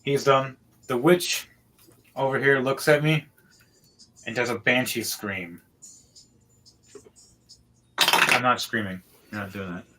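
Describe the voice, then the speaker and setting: A man narrating a tabletop game as game master, calling out dice rolls and combat turn by turn, with sudden loud outbursts. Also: mid-range voice, fairly even intonation, slow, pauses often, faint music behind, poor audio.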